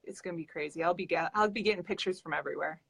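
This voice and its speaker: A woman's voice: on the low side, racing, gravelly, a bit bright, slightly rough. A woman from Wisconsin chatting as a guest on a live stream. She is talkative, tells stories and laughs often. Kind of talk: casual live-stream chat.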